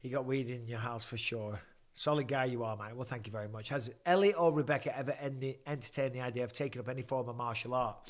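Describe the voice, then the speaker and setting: In a quick, mid-range voice, a forties-aged host chats through a live fight stream from home. He keeps the banter light and funny, reading viewers' questions aloud and replying.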